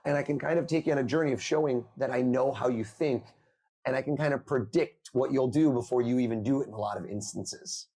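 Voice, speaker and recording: Podcast guest, male, energetic storyteller, mid pitch, plays out the quotes. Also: quick pace. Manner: animated storyteller, acts out quoted voices. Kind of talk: conversational storytelling. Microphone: remote call.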